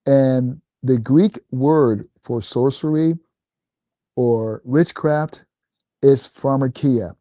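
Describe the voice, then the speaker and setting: A man who is an author and guest on a talk radio show, speaking deliberately and reading passages aloud. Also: medium pitch, mellow, dry recording. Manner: slow, deliberate, reads scripture aloud.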